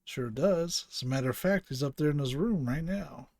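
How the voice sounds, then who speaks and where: A man's voice: fairly high pitch, expressive, moderate pace, creaky, darkish tone, no echo, studio quality. A man voicing a chatty male receptionist in a casual, offhand way.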